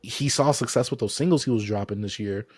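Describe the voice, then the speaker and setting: A man's voice: fairly low pitch, a little fast, husky. A man co-hosting a podcast, chatting casually about music and acting out quotes as he tells stories. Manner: animated, acts out quotes when telling stories. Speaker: podcast co-host. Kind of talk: casual chat.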